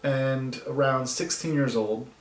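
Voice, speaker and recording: A man vlogging to the camera, talking in a soft, halting way with nervous laughs and long pauses. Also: mid-range voice, fairly even intonation, roomy sound, recorded from a distance, low-quality recording. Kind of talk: personal vlog talking to camera.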